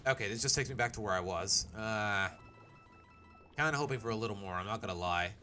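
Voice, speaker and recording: A man's voice: on the low side, fairly quick, sharp tone. A man giving let's play commentary. He rambles, thinks aloud and pokes fun at himself. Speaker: gaming streamer. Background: faint game music.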